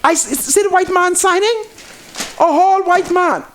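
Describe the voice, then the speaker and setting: Fiery high-voiced Bahamian man. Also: moderate pace, a bit bright, a little hiss or hum. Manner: fiery, preachy, dialect-heavy. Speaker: talk show host. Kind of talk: heated political talk show.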